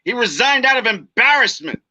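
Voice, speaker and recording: A man from the United States, co-hosting a casual football chat and ranting with animated, teasing energy. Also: very high voice, a little fast, no room sound, lo-fi sound. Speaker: co-host.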